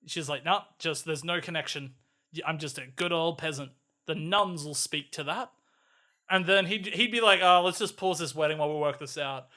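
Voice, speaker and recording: An Australian man co-hosting a podcast in casual chat, joking sarcastically and dropping into low mock voices. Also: moderate pace, bright, forceful tone. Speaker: podcast co-host.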